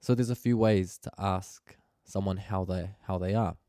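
A man's voice: sits low, fairly even intonation, moderate pace, dark tone, dry recording, clean studio sound. A man teaching a Māori language lesson, explaining phrases patiently and pronouncing them carefully.

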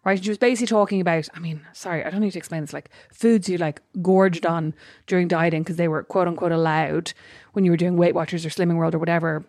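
A woman's voice: on the low side, steady tone, fast, few pauses, a little mellow, no echo, clean studio sound. A woman co-hosting a casual podcast, chatty and self-deprecating, laughing often. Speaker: podcast co-host. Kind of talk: casual chat.

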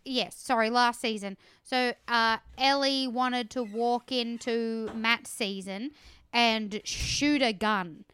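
A woman's voice: fairly high pitch, fairly even intonation, fairly bright tone, clear, resonant tone, no room sound. A woman co-hosting a podcast in giggly, chatty casual conversation. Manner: giggly, chatty, quick to laugh. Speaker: podcast co-host. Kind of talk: casual chat.

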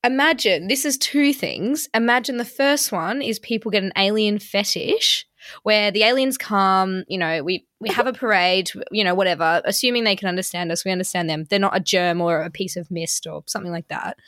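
A woman's voice: medium pitch, normal speed, a bit bright, no echo, studio quality. A young woman hosting a podcast, chatting enthusiastically with a guest and reading out questions. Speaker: podcast host. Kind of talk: casual chat.

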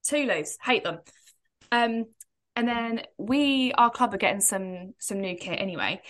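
A woman's voice: a little high, animated, measured pace, a bit bright. A woman, co-hosting a podcast in a rambling, chatty way and laughing often. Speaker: podcast co-host. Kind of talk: casual chat.

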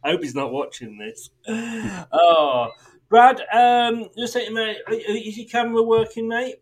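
A man's voice: sits high, takes it slowly. A man hosting a football prediction podcast over a video call, chatty and self-mocking, laughing often. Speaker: podcast host. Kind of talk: casual chat.

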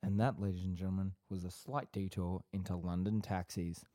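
Low-voiced teasing man, dry sound. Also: flat delivery, fairly quick, mellow, no room sound. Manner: teasing, mock-dramatic. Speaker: podcast co-host. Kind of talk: casual chat. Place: home office. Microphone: podcast microphone.

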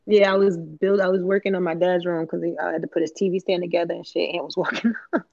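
A woman's voice: lowish voice, little pitch movement, quick pace, gravelly, darkish tone. A woman in casual podcast chat, talking candidly and profanely, rambling with lots of slang and filler words. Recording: muffled lo-fi recording.

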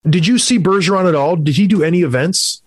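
A man with a fairly high voice chatting casually as a podcast host. He is opinionated and rambles, tossing in quick asides. The sound is dry and close. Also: slightly rough, dry recording. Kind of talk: casual sports chat.

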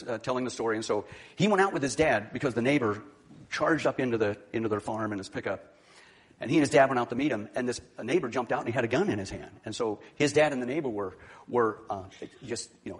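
A man's voice: mid-range voice, slightly rough. A middle-aged man, a pastor, preaching a sermon in a church, moving from a conversational story into fervent exhortation.

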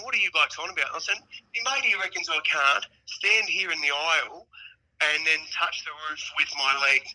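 Bright-voiced Australian man spinning yarns. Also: on the high side, low-quality recording. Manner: laughing yarn-spinner, broad slang. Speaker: podcast guest. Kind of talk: casual storytelling chat.

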